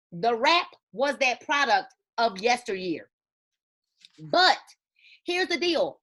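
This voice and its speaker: A woman with a high-pitched, slightly bright voice gives a motivational talk to a sales team. She is a network marketing team leader, emphatic and preachy, telling stories with quoted dialogue.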